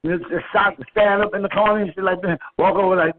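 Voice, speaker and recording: Laughing high-voiced man on a phone line. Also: fairly even intonation, fast talker. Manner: loose, laughing, profane storytelling. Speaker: host of a call-in chat. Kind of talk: casual call-in chat. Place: a friend's house. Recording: tinny phone line with faint noise.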